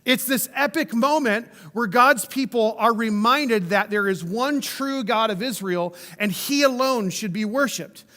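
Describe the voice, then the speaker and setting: A high-pitched man with a bright, ringing voice preaches a sermon as a pastor. He talks in a conversational, enthusiastic way and drops casual asides as he tells the story. A long reverb from the church hall trails after each phrase. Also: unhurried, hardly any pauses. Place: church sanctuary.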